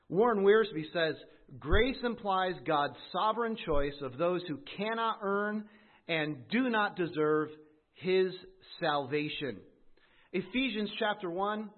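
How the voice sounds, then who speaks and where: A man delivers a sermon in a slightly raised voice. He builds to emphatic peaks and slows on the words he wants to stress. The recording is narrow and tinny, like a phone line. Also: fairly high pitch. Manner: rising emphatic preaching with slow stressed phrases. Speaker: pastor.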